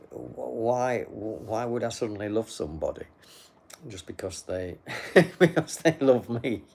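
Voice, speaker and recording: Slow gravelly older man. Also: low voice, a little mellow. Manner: dry, rambling and wry. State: sleepy, yawning. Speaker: livestream host. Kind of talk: casual chat answering live comments. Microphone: phone.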